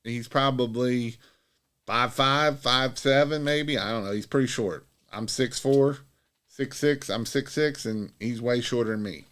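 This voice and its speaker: A man's voice: medium pitch, measured pace, a bit bright. A man giving casual business advice on a live stream, rambling and repetitive, with many fillers and restarts, urging listeners on. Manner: earnest, pep-talk urging. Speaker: Christmas light business owner giving advice.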